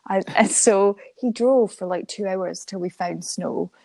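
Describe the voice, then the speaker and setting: A young woman, a guest in an interview, chatting warmly about her life and laughing often as she tells a story. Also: mid-range voice, a little slow, vocal fry, dry recording. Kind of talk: emotional interview conversation.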